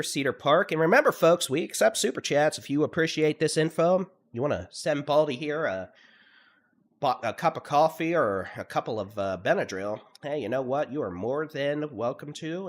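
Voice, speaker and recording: A middle-aged Texan man giving live severe weather updates, listing towns and hail timings in a steady, at times monotone briefing while congested from allergies. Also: a little high, normal speed. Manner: steady briefing cadence, lists place names, at times monotone. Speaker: storm chaser and severe weather streamer. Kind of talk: live weather coverage commentary.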